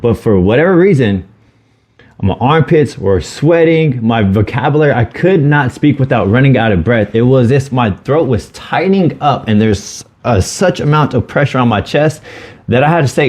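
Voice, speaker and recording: A man's voice: medium pitch, expressive, normal speed, a little mellow. A man co-hosting a podcast, talking earnestly and openly about hard times and swearing freely. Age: adult with children. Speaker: podcast co-host. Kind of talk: candid podcast conversation.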